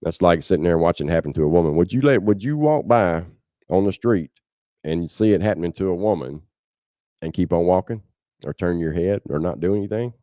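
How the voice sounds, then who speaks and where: Deep-voiced impassioned Southern man. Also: lively intonation, fairly quick, dark tone, no echo, studio quality. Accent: Southern American. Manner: impassioned, blunt, keeps saying "man". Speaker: podcast host. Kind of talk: casual livestream commentary.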